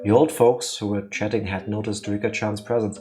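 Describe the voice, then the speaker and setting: A man's voice: lowish voice, level tone, a little fast, music in the background. Playful man reading a game aloud. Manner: playful, bickering, mock-indignant. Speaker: let's play co-host. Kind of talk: casual chat and reading game text aloud.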